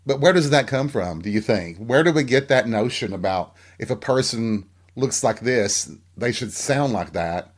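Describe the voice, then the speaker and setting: A middle-aged man hosting his own podcast alone, talking at an ordinary pitch for a man. He muses aloud in a loose, candid way, wanders between thoughts and keeps turning to his listeners with rhetorical questions. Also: lively intonation, normal speed, hardly any pauses. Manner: reflective, rambling, frank, asks listeners rhetorical questions. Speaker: podcast host. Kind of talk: candid solo podcast monologue.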